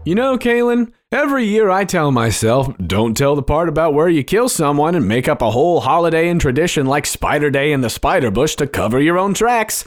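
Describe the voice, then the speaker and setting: A shifty small-town mayor, played by a man spins his tale with lively, swooping delivery and a slightly raised pitch. Faint music sits behind him. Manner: showy storyteller, evasive.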